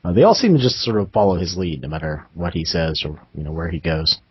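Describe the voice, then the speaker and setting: A man's voice: low-pitched, lively intonation, fast talker, slightly rough, dry recording. A man running a tabletop game as game master, narrating hesitantly with many fillers, over a muffled lo-fi voice chat.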